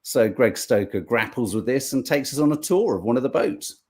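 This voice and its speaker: A man's voice: mid-range voice, expressive, moderate pace, darkish tone. A man hosting a podcast, commenting on news clips in a sarcastic, swearing, mocking way. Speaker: podcast host.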